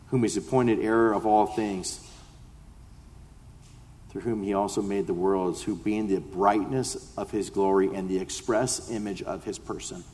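A man's voice: lowish voice, darkish tone. A male pastor reading scripture aloud and explaining it in a conversational sermon, building to impassioned appeals. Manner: reads scripture then explains it conversationally, rising to impassioned pleas. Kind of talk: expository sermon. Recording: long hall reverb.

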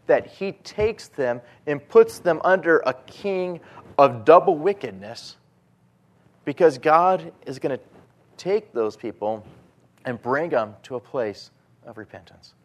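Animated male preacher with a higher voice. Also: unhurried. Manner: animated, swings between loud emphasis and quiet asides. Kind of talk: sermon.

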